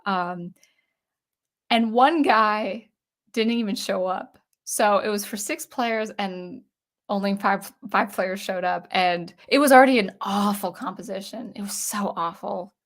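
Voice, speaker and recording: A woman's voice: mid-range voice, a little slow. A young adult woman, a composer, thinking aloud in a casual talk to camera, with frequent restarts. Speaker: composer vlogger.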